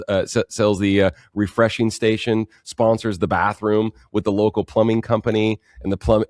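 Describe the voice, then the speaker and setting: A man's voice: on the low side, no room sound, studio quality. A man hosting a webinar, reading out audience questions in a friendly, enthusiastic way with casual slang. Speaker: webinar host.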